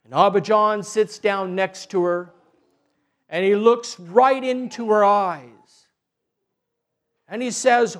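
A man telling a religious story in a slow, deliberate, gentle way. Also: high-pitched.

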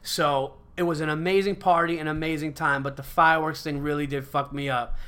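A man's voice: fairly high pitch, brisk, clear, resonant tone. A man hosting a podcast, telling a story in a casual, rambling, profane way. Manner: animated, profane, rambling with fillers. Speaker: podcast host.

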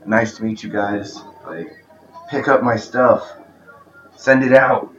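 A man's voice: fairly low pitch, steady tone, slow pace, highs cut off, slight background noise. Rhyming young man dropping "ayy" ad-libs. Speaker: rapper. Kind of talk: freestyle rap over a beat.

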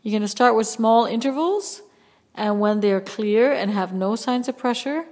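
A woman vocal coach hosting a podcast, teaching slowly and gently and demonstrating vocal sounds. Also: a little high, long reverb tail. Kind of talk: voice lesson with sung demonstrations.

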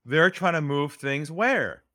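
A man talking as a sales trainer in a podcast interview, earnest, telling stories and dropping his voice low to make a point. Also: expressive, slow, pushed and bright, no echo, clean studio sound.

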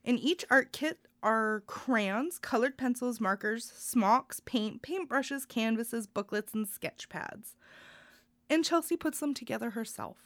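A woman's voice: on the high side, slow pace, dry recording. A young adult woman co-hosting a podcast, sharing good news in a heartfelt, rambling way with plenty of fillers. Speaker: podcast co-host. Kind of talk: casual news chat.

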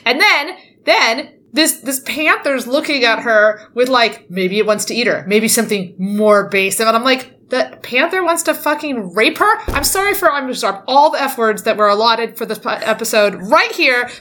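A young woman co-hosting a casual book-club podcast with a bright, slightly high voice. She talks in an animated, outspoken way, swearing freely and throwing herself into the reactions she quotes. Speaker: podcast co-host.

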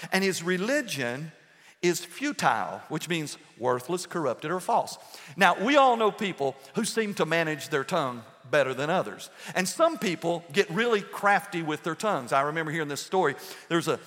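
A man's voice: on the high side, fairly bright tone. A man pastor preaching a live sermon to his congregation in a church, folksy and joking as he talks to the crowd. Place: church sanctuary before a congregation. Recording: long reverb of a church hall.

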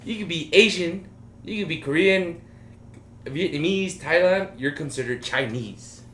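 A man's voice: on the high side, lively intonation, measured pace, a bit bright. A man who is a podcast guest, laid-back in casual chat and defensive when teased. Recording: echoey room with faint noise.

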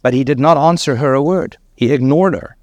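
A man's voice: mid-range voice, fairly quick, darkish tone, no echo. A man preaching a sermon, emphatic and repetitive, voice climbing sharply on key words.

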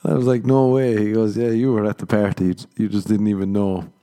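This young man hosts a casual solo podcast, bantering crudely, rambling, and cracking himself up. His voice is on the low side and mellow, with fairly even intonation and a fast pace.

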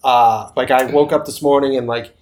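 A man's voice: mid-range voice, normal speed. A man from the US East Coast hosting a podcast, telling stories in casual chat with lots of swearing. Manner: animated, profane storytelling. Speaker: podcast host.

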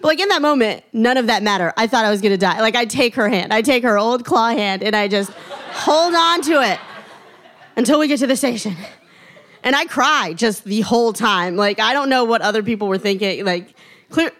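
A young woman tells a personal story in a lively, self-mocking way. She often laughs through her own lines as she builds the tale. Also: on the high side, normal speed.

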